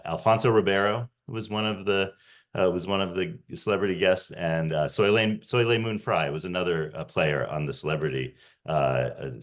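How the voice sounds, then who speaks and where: A man in his forties, a podcast host, talking to a reunion audience over a video call with lots of "uh" and restarts. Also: extremely low pitch. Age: 40s. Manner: hesitant, many fillers and restarts. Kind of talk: casual talk to a reunion audience.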